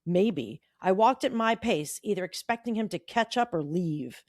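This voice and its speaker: A middle-aged woman co-hosting a podcast, reading an old teenage journal aloud and acting out the quotes in a bright voice. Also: mid-range voice, lively intonation, moderate pace, dry recording, clean studio sound. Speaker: podcast co-host.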